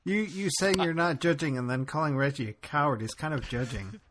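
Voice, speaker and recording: A man's voice: on the high side, brisk, a bit bright. A man co-hosting a casual podcast, easygoing, telling wry anecdotes. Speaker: podcast co-host. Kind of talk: casual chat.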